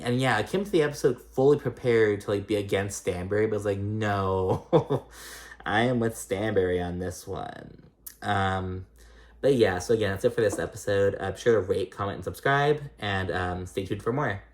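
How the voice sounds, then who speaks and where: A man giving a casual, chatty recap of a reality TV episode, blunt and full of fillers, his pitch jumping up suddenly. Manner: chatty, filler-heavy and blunt, with frequent swearing; animated, with sudden jumps up in pitch.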